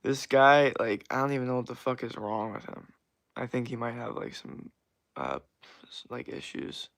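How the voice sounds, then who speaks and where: Young guy streaming, cussing a lot, rambling and annoyed, kinda gravelly. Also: mid-range voice, normal speed, a bit bright. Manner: profane, rambling, frustrated. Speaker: livestreamer. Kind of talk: casual live stream chat.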